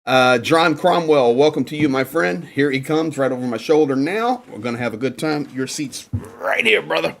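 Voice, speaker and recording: A man's voice: fairly high pitch, animated, normal speed, gravelly, few pauses. A man hosting a casual livestream from Ukraine, reading out viewer names and greeting them one by one. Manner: upbeat, reads out viewer names and shout-outs. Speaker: livestream host. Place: indoors in Ukraine.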